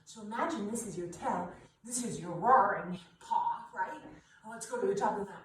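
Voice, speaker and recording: A woman's voice: mid-range voice, normal speed, heavy reverb, recorded from a distance, rough recording. A woman leading a children's yoga class, playful and encouraging, laughing often as she guides the kids. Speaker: kids' yoga teacher.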